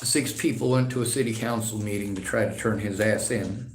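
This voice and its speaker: A man's voice: lowish voice, steady tone, a little fast, slight background noise. A man on a phone call that is being livestreamed, talking in long, aggrieved, rambling runs about police he is reporting on. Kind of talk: casual phone conversation, livestreamed.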